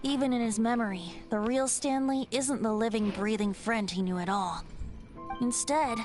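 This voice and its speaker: A woman's voice: fairly high pitch, normal speed, natural voice. A woman voicing a youthful, playful male bard in a video game, with a lilting delivery. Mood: solemn. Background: game music.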